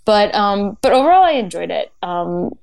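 A woman's voice: mid-range voice, very animated, normal speed, vocal fry, a little mellow, no room sound. A woman co-hosting a podcast, chatting casually about a wrestling show and sharing her theories. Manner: chatty, laughs often, shares theories. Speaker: podcast co-host. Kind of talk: casual wrestling recap chat.

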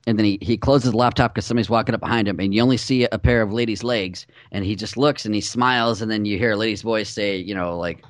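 Low-voiced sarcastic podcast co-host. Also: male voice, steady tone, quick pace, few pauses, no echo, clean studio sound. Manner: sarcastic, swears, retells scenes. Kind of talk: casual podcast chat.

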